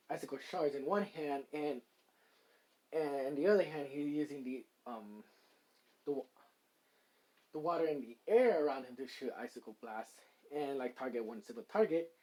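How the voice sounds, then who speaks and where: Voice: medium pitch, mellow, low-quality recording. A fan story narrator improvising a story aloud, rambling with many fillers. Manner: rambling, many likes and ums.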